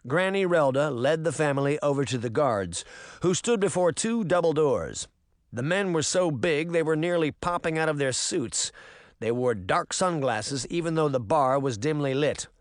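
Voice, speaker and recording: A man's voice: a little high, animated, moderate pace, no room sound, clean studio sound. A man reading a storybook aloud, shifting his voice for each character. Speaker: audiobook narrator.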